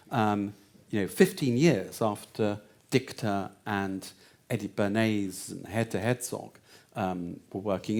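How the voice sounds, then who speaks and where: Rambling male lecturer, lowish voice. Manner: meandering, many fillers and restarts. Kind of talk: lecture answering a question.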